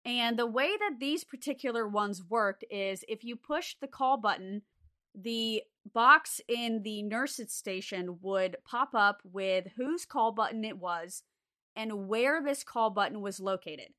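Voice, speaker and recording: A young adult woman telling a story from her days as a care aide, relaxed and unhurried, with lots of "like" fillers. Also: on the high side. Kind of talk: casual spoken ghost story.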